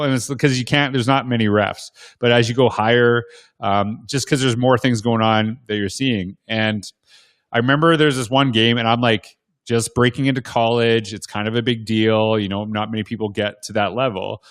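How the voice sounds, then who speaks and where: A man's voice: medium pitch, fairly even intonation, a little fast, no echo. Rambling storyteller man, dry sound. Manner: rambling, many restarts and "like"s. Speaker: guest panelist, educator and former basketball referee. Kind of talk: casual storytelling on a video panel.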